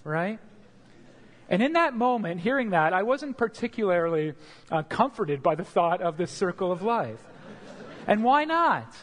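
A man preaching a sermon as pastor, earnest and expressive, sometimes repeating words as he builds a point. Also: sits high, moderate pace. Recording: long hall reverb.

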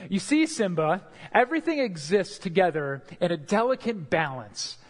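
A man's voice: sits high, very animated, moderate pace. Wise old lion dad explaining life to his cub, a preacher doing the lines, patient, big reverb. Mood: teaching. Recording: long hall reverb.

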